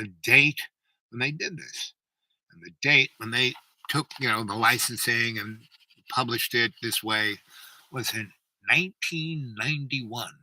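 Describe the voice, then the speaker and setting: A man's voice: mid-range voice, sharp tone, no room sound, poor audio. A man in his seventies telling a long story in a meandering, casual way, full of "you know" fillers. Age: 70s. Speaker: channel host.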